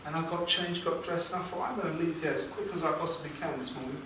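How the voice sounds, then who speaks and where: Man telling his story to a room. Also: on the high side. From England. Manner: emotional, dramatic pauses, rhetorical questions to audience. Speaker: motivational speaker. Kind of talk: storytelling seminar talk. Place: seminar room with audience. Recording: echoey room, distant mic, background noise.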